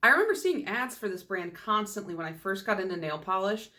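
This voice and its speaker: Young woman yapping about nail polish, rambly and laughing at herself, normal pitch. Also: big pitch swings, fairly quick, bright, forceful tone. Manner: chatty, rambling, self-deprecating. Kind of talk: casual chat.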